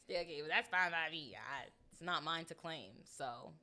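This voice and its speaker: A young woman chats on a podcast in a blunt, slangy way and laughs easily. Her voice is bright and sharp, and her pitch sits a little low for a woman while swinging up and down a lot. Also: animated, moderate pace. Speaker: podcast co-host. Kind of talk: casual chat.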